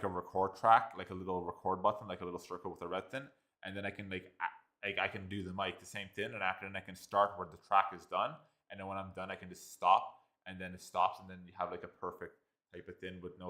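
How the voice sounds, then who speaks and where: An Irish man giving a casual spoken software review, rambling with constant fillers and restarts. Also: low-pitched, level tone, quick pace. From Ireland.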